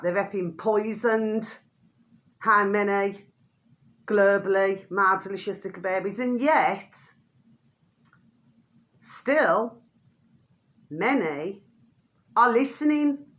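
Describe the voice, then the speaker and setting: A woman's voice: a little high, fairly bright tone. Fiery woman ranting. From United Kingdom. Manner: fiery and blunt, swears freely, keeps repeating "my delicious little babies". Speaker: vlogger. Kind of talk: ranting monologue to camera.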